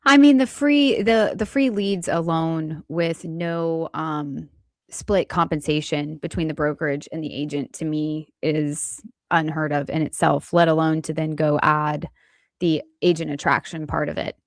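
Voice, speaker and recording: A woman co-hosting a casual podcast, explaining details in a steady, clarifying way. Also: deep voice, unhurried, no room sound, studio quality. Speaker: podcast co-host.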